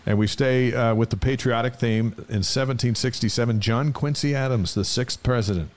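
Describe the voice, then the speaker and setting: A man's voice: medium pitch, moderate pace. A man co-hosting a casual talk show, easygoing, laughing often, reading out facts about the date. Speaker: podcast co-host. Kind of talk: casual sports radio chat.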